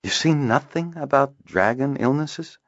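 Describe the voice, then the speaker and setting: A male audiobook reader voicing a brisk, curious man who teases a friend, in a raised, lively voice. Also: mid-range voice, dry recording, muffled recording, voice pushed up. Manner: lively, raised voice, upbeat questions. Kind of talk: audiobook character voice.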